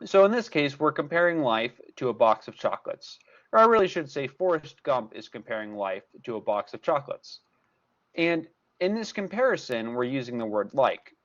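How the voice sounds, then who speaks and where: A math tutor, male, teaches a recorded class at a moderate pace, his medium-pitched voice rising and falling sharply. He breaks the lesson into steps and hammers home the important points through repetition, though the recording sounds muffled.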